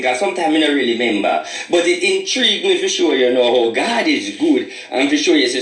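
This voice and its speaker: Forceful Jamaican man, echoey and distant. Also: mid-range voice. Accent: Jamaican Patois. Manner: preachy and boastful, rambling in patois. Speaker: spiritual reader. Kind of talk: boastful warning monologue. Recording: echoey room, away from the mic.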